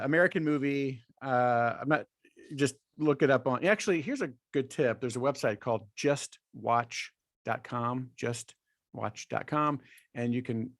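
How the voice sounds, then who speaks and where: Halting man in his forties. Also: medium pitch, no room sound, clean studio sound. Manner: halting, often repeats words. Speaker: podcast co-host. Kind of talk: casual podcast chat.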